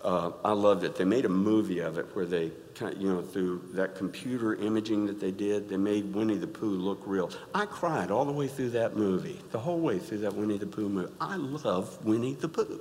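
A middle-aged man preaching a sermon in a church, animated and rising to loud exclaims, often asking the congregation to answer back. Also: on the low side, fairly quick, hardly any pauses. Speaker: pastor. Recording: reverberant church hall.

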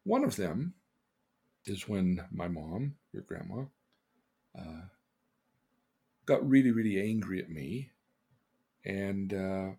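An older man, a podcast host, earnestly telling personal stories, his voice swinging between loud and hushed. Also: low voice, very animated, slow pace, vocal fry, pauses often, slightly rough. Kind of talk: personal storytelling.

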